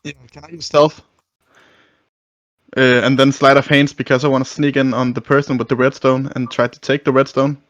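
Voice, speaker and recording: A man's voice: mid-range voice, level tone, brisk, fairly bright tone, no echo. A man playing a tabletop game, asking about his moves in a casual, direct way. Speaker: player. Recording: dull lo-fi mic.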